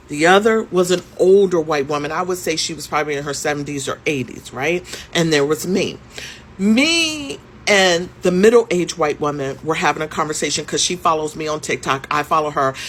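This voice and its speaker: A woman in her fifties telling a story to camera in a casual way, emphatic, repeating her points and asking rhetorical questions. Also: deep voice. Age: 50s.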